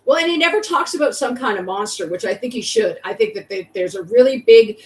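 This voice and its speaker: A woman host rants in loose, profane chat, rambling through fillers and restarts. Her voice sits a little high and comes from somewhat off the mic. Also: animated, a little fast, darkish tone, distant mic, poor audio. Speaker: podcast host. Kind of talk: casual chat.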